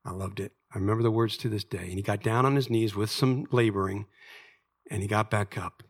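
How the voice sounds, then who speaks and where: A man's voice: lowish voice, steady tone, brisk, husky. A middle-aged man preaching a sermon as pastor, in an earnest, conversational way, and reading scripture aloud.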